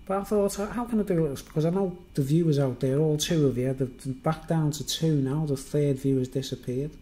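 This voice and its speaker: Middle-aged man, toned-down Merseyside accent, mellow voice, chatty self-deprecating live streamer full of fillers. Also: fairly high pitch, normal speed, poor audio. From Merseyside, England. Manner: rambling, self-mocking, chatty with many fillers. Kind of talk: casual live-stream monologue.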